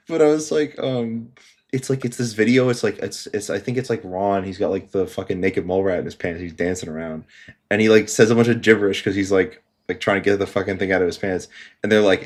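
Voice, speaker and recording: A man's voice: lowish voice, steady tone, moderate pace. A man co-hosting a podcast in casual chat, rambling with lots of fillers, swearing and laughing often. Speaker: podcast co-host.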